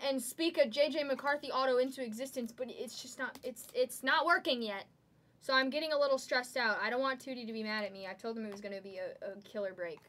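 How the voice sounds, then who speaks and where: A woman hosting a live trading card break, excitedly calling out each card as she pulls it. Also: sits high. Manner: excitable, calls out cards rapidly.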